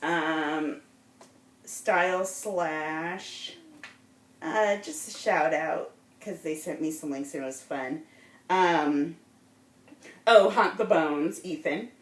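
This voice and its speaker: A woman's voice: sits low, slow pace, long pauses. A woman co-hosting a casual fan podcast, chatting and reading listener questions aloud. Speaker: podcast co-host. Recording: echoey room, mic at a distance.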